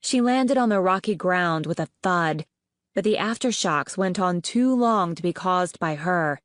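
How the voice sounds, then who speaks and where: A woman narrates an audiobook in a steady, even manner. Her voice sits on the low side and is recorded dry and close, with no room sound at all. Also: a little slow, no echo. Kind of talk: scripted narration.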